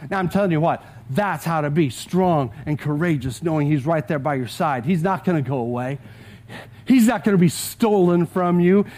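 A pastor preaching a sermon with a Texan accent, urging the congregation to repeat scripture aloud with him. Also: male voice, fairly high pitch, animated, normal speed, a little mellow.

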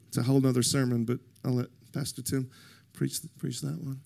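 A man preaching a sermon who talks straight to his congregation with lively, animated delivery. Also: medium pitch, a little fast, gravelly. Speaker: pastor.

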